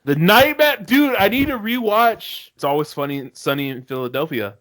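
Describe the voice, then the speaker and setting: A man's voice: high-pitched, lively intonation, a bit bright, dry recording. A man hosting a casual podcast chat, loose and profane, laughing easily. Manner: loose and swearing, quick laughs. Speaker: podcast host.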